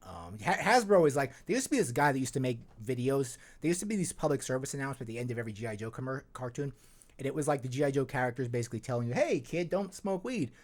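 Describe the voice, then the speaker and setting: A man's voice: mid-range voice, expressive, rapid-fire. A man hosting a podcast in a casual, rambling chat, with many restarts and fillers. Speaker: podcast host.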